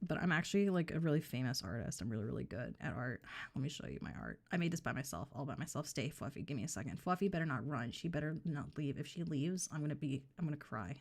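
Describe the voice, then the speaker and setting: A woman's voice: low-pitched, lively intonation, fast, creaky, hardly any pauses. A woman streaming a game live, chatting casually in a joking, rambling, mock-boastful way.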